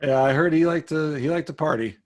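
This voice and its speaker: A man hosting a podcast, asking questions in a casual interview with an eager, fan-like manner. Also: a little high. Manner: eager, fan-like, quick backchannel replies. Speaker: podcast host.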